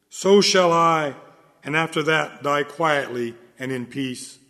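A man delivering a solemn sermon in a measured, earnest manner. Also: a little high, a bit bright. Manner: solemn, measured, rises in fervor. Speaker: preacher. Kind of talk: sermon reading. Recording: long hall reverb.

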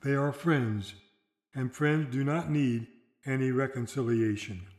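A man delivering a sermon in a solemn, measured way, slowing down for dramatic quotations. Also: mid-range voice, darkish tone, roomy sound. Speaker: preacher.

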